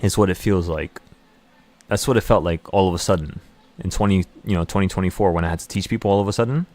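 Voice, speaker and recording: A low-pitched man pours out an emotional motivational monologue, rambling and stumbling over his words as his excitement spills over. The recording is dry and close, with no room sound. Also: quick pace, no echo. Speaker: trading channel host.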